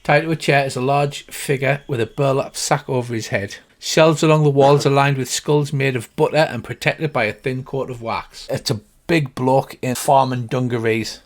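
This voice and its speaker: A man's voice: mid-range voice, steady tone, normal speed, few pauses. An older man, narrating casually as the game master of a tabletop game. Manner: casual storytelling with restarts.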